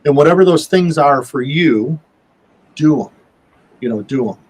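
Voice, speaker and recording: A man's voice: a little high, animated, normal speed, a little mellow, slightly rough, rough recording. A man talking as a guest on a show, in a folksy, rambling way with many fillers and restarts. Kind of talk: casual chat.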